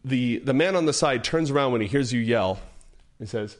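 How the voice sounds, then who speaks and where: A man's voice: medium pitch, normal speed. A man narrating a tabletop game as game master, descriptive and self-correcting as he goes.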